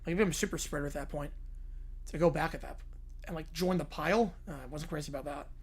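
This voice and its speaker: A hoarse man streaming, giving quick offhand replies to chat in a casual Q&A. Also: fairly high pitch. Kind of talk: casual livestream Q&A.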